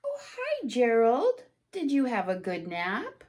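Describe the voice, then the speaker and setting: An excitable little storybook pig, chirpy and high, its voice swooping up and down with delight, as a woman puts it on while reading aloud. It talks in an unhurried, bouncy way. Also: full character voice. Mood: sweet.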